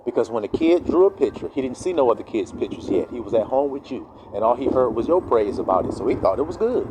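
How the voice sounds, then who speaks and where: Male preacher, casual sermon, lively swooping delivery that jumps into quoted voices. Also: medium pitch, fast talker, very noisy. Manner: animated, acts out quoted voices. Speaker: online preacher.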